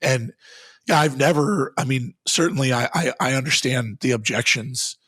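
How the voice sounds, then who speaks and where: A man's voice: mid-range voice, moderate pace, a bit bright, slightly rough, dry recording. A man, a guest on an interview show, earnestly recounting an exorcism he took part in, in a conversational storytelling manner with frequent restarts.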